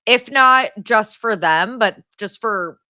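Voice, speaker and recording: Sleepy-sounding woman with vocal fry. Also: mid-range voice, animated, slow pace, sharp tone, no room sound, studio quality. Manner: self-deprecating, laid-back. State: sleepy, getting a little sick. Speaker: podcast guest. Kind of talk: casual podcast chat.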